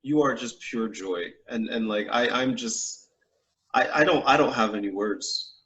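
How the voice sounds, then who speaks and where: Male host, casual interview chat, animated with frequent restarts. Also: mid-range voice, a little slow, muffled recording. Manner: animated, laughing, many restarts. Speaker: podcast host.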